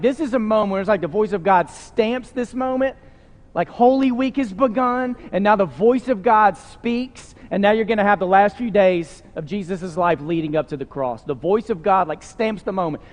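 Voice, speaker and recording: A male pastor delivers a sermon in a high voice with an earnest, conversational tone, often dropping in casual fillers. His words ring out with a long reverb, as if he is speaking in a large church hall.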